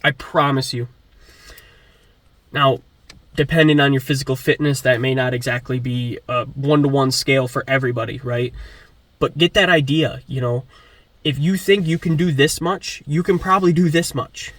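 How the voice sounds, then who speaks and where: A man's voice: a little high, normal speed, fairly bright tone, no echo. A young man giving an earnest motivational talk before his gym day, swearing and repeating himself for emphasis. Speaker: fitness vlogger. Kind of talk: motivational monologue.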